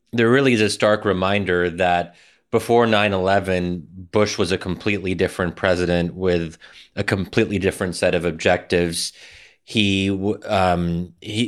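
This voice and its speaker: A man in his forties hosting an interview, asking long, thoughtful questions. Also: deep voice. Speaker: podcast host.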